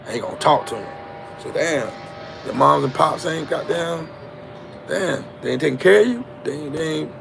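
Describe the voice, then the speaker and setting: A man's voice: a little high, lively intonation, normal speed, creaky, background noise. A man telling a story in a casual, slangy, emphatic monologue with a preachy edge.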